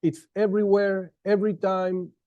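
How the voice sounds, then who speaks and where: A man's voice: high voice, steady tone, moderate pace, lo-fi sound. Man teaching a Torah class, stressing words. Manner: explanatory, stresses key words, frequent restarts.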